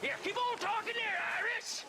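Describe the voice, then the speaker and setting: A man's voice: very high voice, normal speed, background noise. A mocking outlaw gunman. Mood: threatening. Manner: threatening, mocking. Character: menacing outlaw gunman man.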